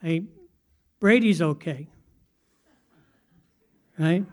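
A man delivers a sermon with a notably high voice. He keeps it conversational and often turns to his listeners with questions. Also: extremely slow, a little mellow. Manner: conversational, asks the audience questions. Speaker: pastor.

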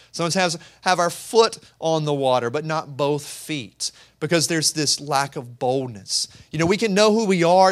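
A man's voice: fairly high pitch, a bit bright. A man preaching a sermon as pastor, in a conversational way, often repeating words as he searches for the next phrase.

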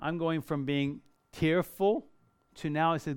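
High-voiced man preaching a sermon. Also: unhurried, smooth, no room sound. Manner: earnest, shifts between lively emphasis and quiet reflection.

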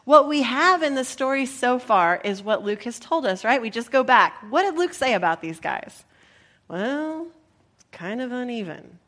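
A woman pastor reading scripture and preaching a sermon, animated and playful as she acts out the disciples in asides. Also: a little high, moderate pace, few pauses.

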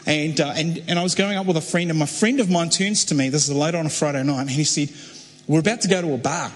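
A man preaching, telling a story in a conversational sermon style with halting restarts that builds to fervent emphasis. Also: fairly high pitch. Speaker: pastor. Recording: long hall reverb.

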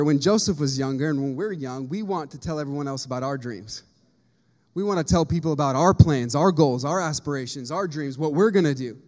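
A man's voice: fairly high pitch, a little mellow. A man preaching a sermon to his church, earnest and rising to emphatic, repeated appeals. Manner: earnest, building to emphatic peaks with repeated phrases. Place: church sanctuary. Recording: long reverb of a church hall.

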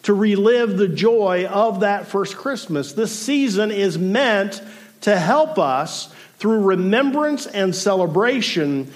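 A man in his forties, a pastor giving a sermon in an earnest, measured way with pauses and casual asides. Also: high-pitched, lively intonation.

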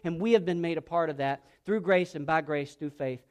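A man's voice: on the high side, a little fast, hardly any pauses, a little mellow. A male pastor preaching a sermon, reading scripture and asking the congregation questions to fill in. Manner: preaching with rising emphasis and call-and-response questions.

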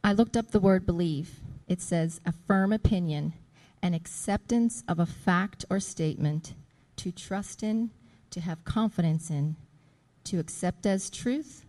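A middle-aged woman giving an earnest testimony about her healing, reading scripture slowly and deliberately. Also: fairly low pitch, mellow, no echo. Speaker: church member giving a testimony.

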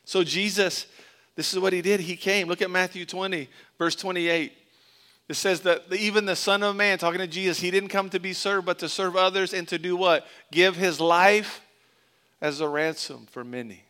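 A middle-aged man from Florida preaching in a loose, conversational way, slipping jokes in between scripture. His voice sits a little high and rings bright and clear, easy to follow as he tells a story from his boyhood. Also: steady tone, brisk. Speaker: pastor. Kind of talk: sermon with personal story.

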